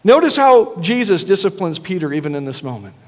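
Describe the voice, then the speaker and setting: A man's voice: high-pitched, sing-song, fairly quick, big-room sound. A man preaching a sermon as pastor, earnest and conversational, often restarting his words. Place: church sanctuary.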